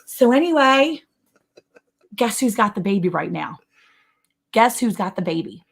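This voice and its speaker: Animated woman telling ranch stories. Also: medium pitch, measured pace, vocal fry, slightly rough. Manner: animated storyteller, laughs often, makes silly sound effects. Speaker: livestream co-host on a ranch. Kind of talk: casual chat.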